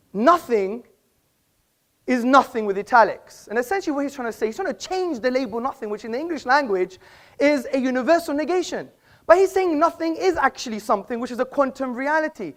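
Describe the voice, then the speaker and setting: Man debater on stage, emphatic and rhetorical, live hall speech. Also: very high voice. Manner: emphatic, rhetorical, addresses the audience. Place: auditorium with an audience.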